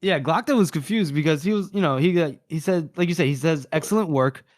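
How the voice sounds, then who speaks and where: A man co-hosting a podcast, chatting loosely about a book and retelling scenes with quick snatches of character voices. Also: on the high side, no echo, clean studio sound. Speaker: podcast co-host. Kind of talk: casual book discussion.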